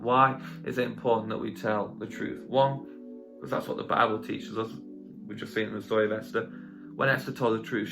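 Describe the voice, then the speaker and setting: A young man telling a children's Bible story for an online kids' lesson, chatty and jokey, often interrupting himself with asides. His voice sits at an ordinary middle pitch. Guitar music plays clearly behind him. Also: a bit bright. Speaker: children's church leader.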